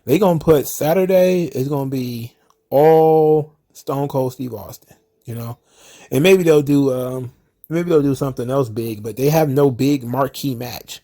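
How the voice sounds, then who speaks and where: A man's voice: mid-range voice, a little slow, mellow. A man hosting a casual solo wrestling commentary show, ranting sarcastically and cursing often.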